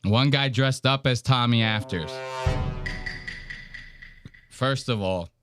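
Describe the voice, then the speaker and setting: A man's voice: mid-range voice, takes it slowly, over music. A man co-hosting a podcast, talking in casual, mocking banter and swearing freely. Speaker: podcast co-host.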